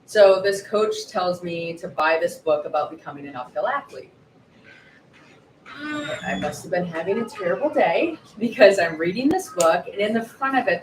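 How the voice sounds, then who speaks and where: Woman, 40s, author guest at a live event; lively, acts out quotes; mic a bit far, roomy echo, faint hiss. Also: on the low side. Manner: lively, animated storyteller acting out quotes. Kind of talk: storytelling at a live book event. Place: bookshop event space.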